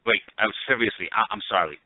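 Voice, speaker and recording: A man's voice: lowish voice, fast talker. A man co-hosting a casual chat, joking and teasing with emphatic delivery. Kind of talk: casual chat on a call-in show. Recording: noisy tinny phone line.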